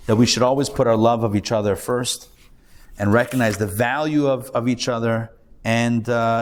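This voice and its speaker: A man, a rabbi, lecturing a live class with animated storytelling and rhetorical questions. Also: medium pitch. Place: classroom before a live audience.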